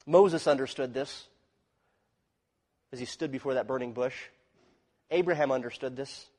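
A man preaching a sermon as pastor, dropping to hushed low phrases and then rising to loud, emphatic points. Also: moderate pace, in a large hall.

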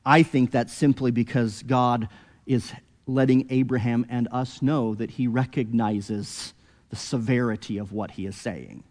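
Earnest preacher in a reverberant hall. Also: male voice, steady tone, a little slow. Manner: earnest, rises to emphatic peaks then drops low and quiet. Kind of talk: expository sermon.

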